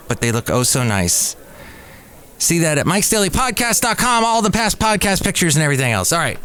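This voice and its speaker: A man's voice: mid-range voice, fairly bright tone. Rambling man in his fifties hosting a podcast. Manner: rambling, self-deprecating asides. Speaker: podcast host. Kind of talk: casual solo podcast chat. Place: café. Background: faint background music.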